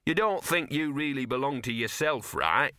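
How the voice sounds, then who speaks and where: A man's voice: mid-range voice, expressive, normal speed, pushed and bright, clear, resonant tone, no echo, clean studio sound. A man voicing a scruffy, sardonic male talking dog who grumbles in slangy street talk. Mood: wry.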